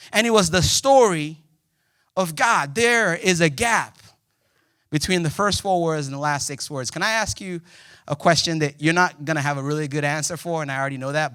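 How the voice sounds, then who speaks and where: A young male pastor delivers a sermon in a loose, conversational way, cracking small jokes and suddenly hitting key words loudly. His voice sits high and sounds bright and forceful. The sound is close and dry, with no room echo. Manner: lively, conversational preaching with jokes and sudden loud emphasis. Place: church auditorium.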